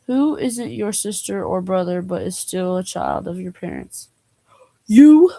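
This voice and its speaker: A woman's voice: on the low side, wildly swooping pitch, moderate pace, vocal fry, warm tone, no echo. A young woman vlogger reading jokes aloud in a casual way, laughing and groaning at them and adding slangy asides.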